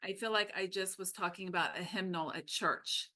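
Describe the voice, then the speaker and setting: A woman co-hosting a podcast, talking casually and animatedly about a book, with quick asides. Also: medium pitch, pushed and bright, a little hiss or hum. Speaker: podcast co-host.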